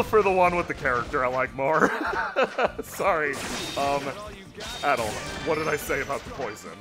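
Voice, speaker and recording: Jokey let's play guy, bouncy voice going all over, slow easy pace, game music going. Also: medium pitch, big pitch swings. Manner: joking and giggly, yelps in mock alarm. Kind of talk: casual gameplay commentary.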